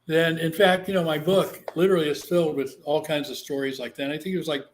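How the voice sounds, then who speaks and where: A fast-talking man with a slightly high voice, a psychic medium from Guam, tells a story in an easygoing interview. He delivers it animatedly, acting out the voices he quotes.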